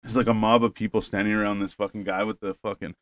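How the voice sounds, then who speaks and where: A man's voice: fairly low pitch, fast, crowd noise. A man on a podcast, telling a rambling, profane story in casual chat and acting out what people said. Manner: profane, rambling, animated retelling with quoted voices. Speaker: podcast host.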